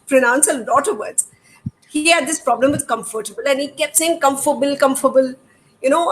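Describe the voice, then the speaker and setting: High-voiced Indian woman teaching parents. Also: poor audio. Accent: Indian English. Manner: patient, demonstrative, asks rhetorical questions. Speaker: educator. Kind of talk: explanatory talk to parents. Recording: faint background noise.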